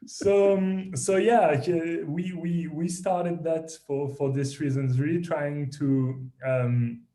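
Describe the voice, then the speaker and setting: A man with a strong French accent speaks as a podcast guest. His voice sits a bit high, and he talks with animated, self-deprecating energy, often restarting his sentences. The recording has a noticeable room echo. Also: slow. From France. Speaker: guest, company founder. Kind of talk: podcast interview.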